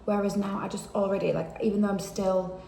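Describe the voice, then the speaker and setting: A woman in her thirties talking casually to her camera in a diary-style vlog, chatty and openly emotional, sometimes dropping to a hushed near-whisper. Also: medium pitch, little pitch movement, fairly quick, vocal fry, slight background noise. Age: 30s. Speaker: vlogger. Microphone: handheld camera.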